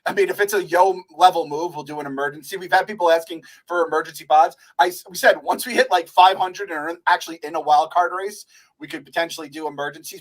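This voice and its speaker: A man's voice: on the high side, low-quality recording. Rambling male podcast co-host. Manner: loose, rambling, profane. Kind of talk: casual sports chat.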